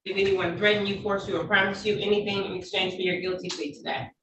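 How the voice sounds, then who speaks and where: A woman judge running court proceedings over a video call, speaking in a measured, polite, procedural way. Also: mid-range voice, little pitch movement. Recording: echoey, distant, faint noise.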